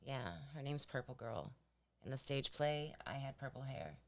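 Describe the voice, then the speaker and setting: A woman's voice: very deep voice, lively intonation, moderate pace. A woman co-hosting a podcast in casual chat, giving brief, easygoing replies.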